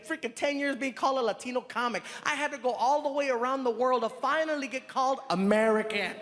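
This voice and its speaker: A man in his thirties doing stand-up comedy storytelling, animated and breaking into loud character voices. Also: very high-pitched, fairly quick, few pauses. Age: 30s. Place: stage in a large venue. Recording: reverberant venue, faint noise.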